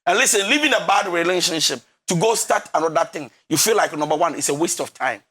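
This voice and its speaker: A man with a Ghanaian English accent who counsels listeners on a talk show. His voice sits high and sounds bright and forceful. He talks emphatically like a preacher, mixes in Twi and slides into half-sung lines. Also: animated, fast talker, breathy edge. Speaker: relationship counselor.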